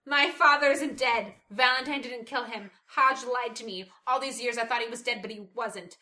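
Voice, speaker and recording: A woman reading aloud from a novel, voicing a brooding teenage boy hero in a soft, understated way. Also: on the high side, moderate pace. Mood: earnest.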